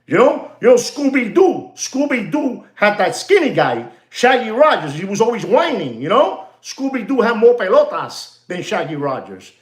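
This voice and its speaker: Animated streetwise man, lively pitch. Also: moderate pace, few pauses, reverberant. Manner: animated, streetwise banter mixed with Spanish slang. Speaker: channel host. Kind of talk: rambling monologue.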